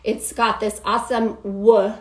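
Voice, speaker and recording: A woman's voice: mid-range voice, level tone, measured pace. A woman vocal coach explaining singing technique in an upbeat way, stopping to demonstrate sounds as she goes. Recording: echoey room.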